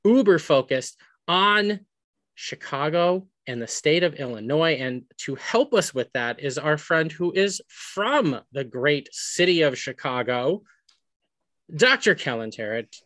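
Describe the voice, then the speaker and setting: A man hosting a podcast, chatty and energetic with easy laughs. His voice sits at a middle pitch. The recording is dry and close. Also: measured pace, no room sound. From New York. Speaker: podcast host. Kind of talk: casual podcast chat.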